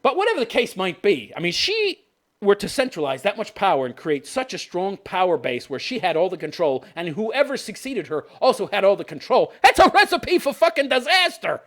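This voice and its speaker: A man's voice: high voice, huge pitch swings, fairly quick, a bit bright. A man ranting sarcastically in casual commentary, laughing often and swearing as he mocks what he describes. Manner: sarcastic, laughing, profane, mocking quoted characters. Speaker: commentary host.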